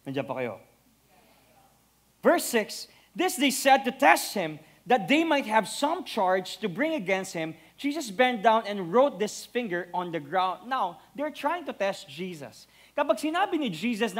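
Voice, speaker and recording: A young man with a Filipino accent preaching an animated sermon, mixing Tagalog and English. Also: high voice, a little slow. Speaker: pastor.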